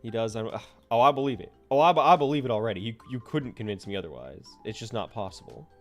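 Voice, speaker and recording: A man's voice: medium pitch, lively intonation, fast, soft background music. A man streaming live as a VTuber, chatting casually and rambling playfully to himself while he draws.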